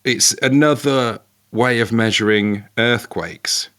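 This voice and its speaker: A man's voice: medium pitch, takes it slowly, a bit bright, clean tone. A man co-hosting a podcast, telling a story playfully and teasing his co-host. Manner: playful, teasing, reading out facts. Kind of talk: casual comedic storytelling.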